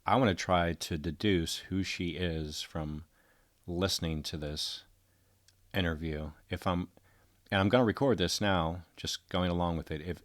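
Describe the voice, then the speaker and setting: Host with a deep voice and a dry, close sound. Thinks out loud, hesitant, corrects himself as he goes. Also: no echo. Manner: musing, tentative, self-correcting. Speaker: commentator. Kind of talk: thinking-aloud video commentary.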